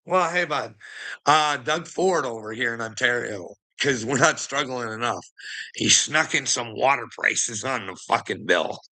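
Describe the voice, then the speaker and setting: Bright-voiced profane ranting man. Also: medium pitch, lively intonation, a little slow. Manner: profane, mocking, laughs often. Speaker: online commentator. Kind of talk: casual rant.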